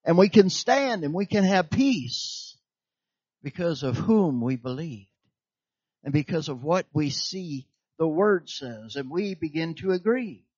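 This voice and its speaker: A man's voice: fairly high pitch, no room sound, dull audio. A man preaching a sermon in an emphatic, repetitive way, tossing questions out to his listeners for them to finish.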